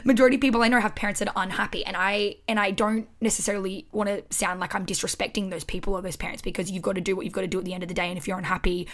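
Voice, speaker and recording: A woman's voice: medium pitch, fairly bright tone. A woman in her twenties with an Australian accent, talking candidly and expressively alone on her podcast, swearing freely, recorded on a microphone at home. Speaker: podcast host. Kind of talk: casual solo podcast monologue. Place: her house.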